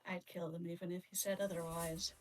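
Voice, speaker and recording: A woman's voice: lowish voice, flat delivery, a little fast, noisy background, voice pushed down, natural voice. A woman voicing a grieving, furious warrior woman in a tabletop game, her lines clipped and desperate. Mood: bitter. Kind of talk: playing a character in a tabletop game.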